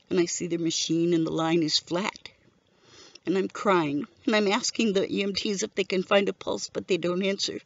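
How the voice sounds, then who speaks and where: A woman's voice: mid-range voice, gravelly, no echo. A middle-aged widow telling her story in an earnest, grieving personal testimony. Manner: grieving, earnest, steady recounting. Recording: dull lo-fi recording.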